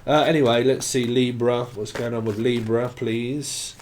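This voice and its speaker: A man's voice: medium pitch, steady tone, measured pace, few pauses, a little mellow, a little hiss or hum. A man giving a tarot reading, free-associating names and words, swearing and now and then singing snatches of songs. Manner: rambling free association, swearing, breaking into song. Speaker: tarot reader.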